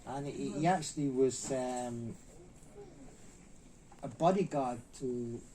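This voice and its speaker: A middle-aged man, a martial artist being interviewed, shares anecdotes with animation, acting out quotes in a raised voice. His medium-pitched voice has a dark tone and he takes it slowly; the rough recording has a little hiss or hum.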